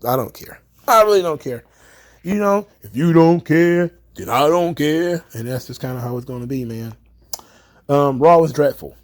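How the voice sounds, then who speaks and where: A man ranting about wrestling in casual commentary, exasperated and profane, his voice climbing as he gets worked up. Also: mid-range voice. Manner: exasperated, profane, rising to loud rants.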